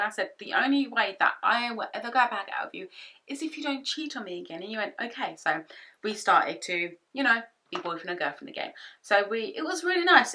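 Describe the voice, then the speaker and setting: A young woman chatting to camera from her home office, retelling a past relationship with animated quoted asides. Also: medium pitch. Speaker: vlogger. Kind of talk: storytime vlog. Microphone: camera-mounted shotgun mic.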